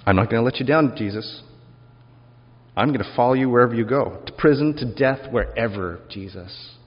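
A preacher acting out an eager, boastful disciple. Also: male voice, on the low side, fairly even intonation, fairly quick, close to an everyday voice. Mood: eager pledging. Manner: earnest, pleading, emphatic. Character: eager boastful male disciple, loyal-sounding. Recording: dull lo-fi sermon recording with long hall reverb.

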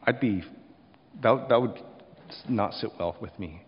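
A man preaching a sermon, rising to loud emphasis and then dropping quiet, often acting out short quotes. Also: low voice, normal speed, long pauses, in a large hall, highs cut off. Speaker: pastor.

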